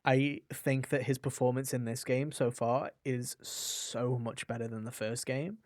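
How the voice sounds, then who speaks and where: A man's voice: mid-range voice, fairly even intonation, unhurried, a little mellow, no echo, studio quality. Chatty young man on a gaming podcast. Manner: enthusiastic, rambling with frequent fillers and restarts. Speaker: podcast co-host. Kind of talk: casual gaming podcast chat.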